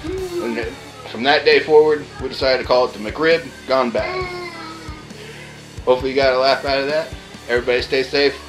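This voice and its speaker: A man tells a personal story in a loose, chatty way, stringing it along with plenty of fillers. His voice sits at an ordinary middle pitch. Soft guitar music runs faintly in the background. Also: sing-song, moderate pace, pauses often, low-quality recording. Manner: chatty, full of "like" fillers, acts out the quotes. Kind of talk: casual spoken anecdote.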